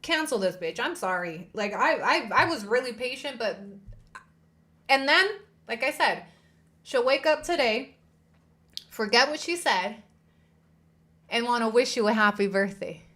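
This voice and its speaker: A woman's voice: fairly high pitch, lively intonation, unhurried, long pauses, pushed and bright. A woman hosting a livestream commentary, indignant and heated, swearing and repeating her points for emphasis. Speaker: host.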